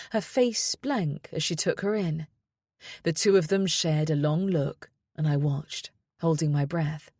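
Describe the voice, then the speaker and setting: A woman narrating an audiobook in the first person at a measured, even pace. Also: low-pitched, no echo, clean studio sound.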